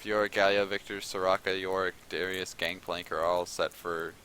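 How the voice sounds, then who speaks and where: A man hosting casual commentary on a video game match, chatting and rambling in a relaxed way. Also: low voice, moderate pace, crowd noise, low-quality recording. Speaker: esports caster.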